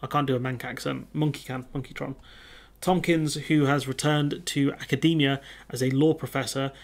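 Gravelly flat-voiced man commenting on news. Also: mid-range voice, moderate pace. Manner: reads articles aloud and adds blunt mocking asides, many fillers. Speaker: political commentator. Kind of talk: casual political commentary reading news.

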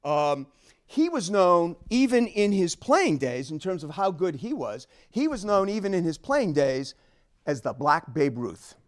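A man speaking as an author at a book talk, telling stories in an animated, emphatic way and chuckling along. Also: high voice, unhurried. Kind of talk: storytelling lecture.

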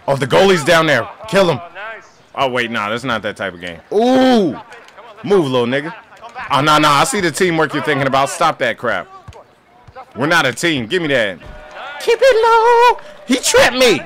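A young man gaming on camera and commentating his soccer match, joking, trash-talking the players and breaking into sudden yelling outbursts. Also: fairly high pitch. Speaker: gaming YouTuber. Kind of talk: playing a soccer game and commentating.

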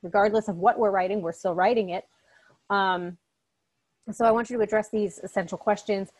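A woman's voice: mid-range voice, fairly even intonation, brisk, a little mellow. A woman, a college English instructor, giving a recorded online lecture in a casual, chatty way, often checking in with "okay?" and speaking directly and encouragingly to her students.

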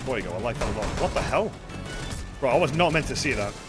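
A man streaming a co-op shooter game, commentating live with excitable outbursts, swearing and yelling at teammates. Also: medium pitch, fast talker. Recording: game music and gunfire behind. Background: game music and gunfire.

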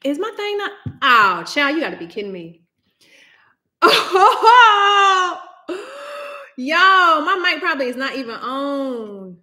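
A woman's voice: high voice, very animated, normal speed, sharp tone. A young woman hosting a casual livestream, chatty and exclaiming, often laughing, talking into a laptop microphone. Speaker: livestream host.

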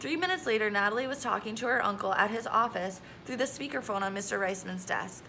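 A woman reading a children's novel aloud, gentle and expressive, lightly voicing the characters. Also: mid-range voice, fast, hardly any pauses, a little hiss or hum. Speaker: audiobook reader. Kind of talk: storybook read-aloud with character voices.

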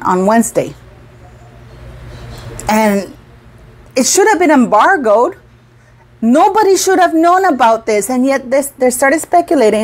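A middle-aged woman hosting her own commentary channel, talking casually and indignantly, repeating words for emphasis. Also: a little high.

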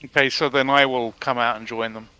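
A man's voice: mid-range voice, steady tone, fairly quick, bright, forceful tone, clear, resonant tone. A man playing in a tabletop game, speaking casually and matter-of-factly. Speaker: player.

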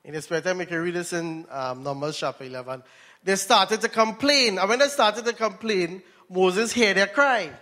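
A man's voice: high-pitched, moderate pace, pushed and bright. Trinidadian man preaching in a hall. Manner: storytelling, asks the audience questions. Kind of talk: sermon. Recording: long reverb in a hall.

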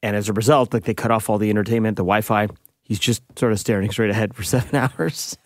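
A man co-hosting a radio podcast, telling stories in an animated, casual way. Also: fairly low pitch, no echo, studio quality. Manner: quick, animated storyteller. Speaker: radio show co-host.

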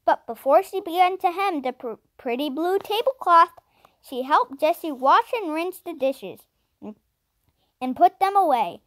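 A woman reads a children's chapter book aloud with a gentle, expressive lilt. Her voice is high and very melodic. The recording is dry and close. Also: unhurried, no room sound. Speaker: children's audiobook reader. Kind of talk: storybook reading.

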